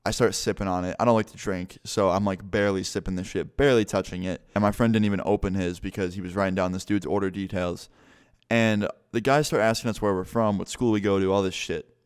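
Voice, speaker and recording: A man's voice: low-pitched, fairly even intonation, fast talker, clean tone. A young man telling a story on his vlog in casual, swearing talk full of fillers. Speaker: vlogger.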